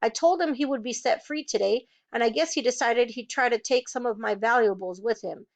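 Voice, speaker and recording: A woman's voice: on the high side, a little fast, muffled recording, close to an everyday voice. A woman reading a story, voicing a cold, lying female camp warden who answers defensively. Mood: dismissive. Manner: defensive, dismissive.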